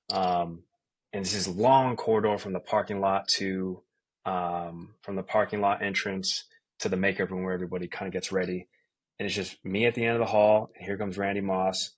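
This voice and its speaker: A man in his thirties from Colorado, a sports anchor telling a casual, animated story as a podcast guest, full of slang. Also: low-pitched. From Colorado, USA.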